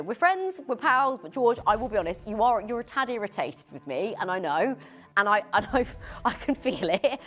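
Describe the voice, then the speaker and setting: Woman, shopping-channel host, lively rising and falling pitch, excitable and gushing, faint music behind. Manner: gushing, excitable, chatty with many restarts. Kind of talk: live TV sales pitch.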